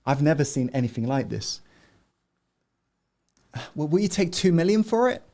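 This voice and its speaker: A man voicing an awestruck woman jeweler in a spoken story, amazed and hushed. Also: fairly high pitch, sing-song, normal speed.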